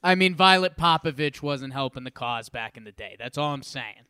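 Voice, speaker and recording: A man with a bright, smooth, slightly high voice jokes and rambles on a casual podcast, filling his talk with "like" and "you know." The sound is dry and close. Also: lively intonation, moderate pace, no room sound. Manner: joking, rambling, full of fillers like "like" and "you know". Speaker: podcast co-host.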